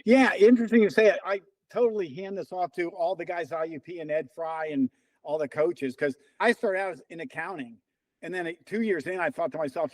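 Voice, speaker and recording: An older man with a high, lively voice spins anecdotes as an interview guest, slipping into the voices of the people he quotes. The sound is close and dry. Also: a little fast, no echo. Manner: animated storyteller, acts out quoted dialogue. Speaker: interview guest, runner and coach. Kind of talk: casual storytelling.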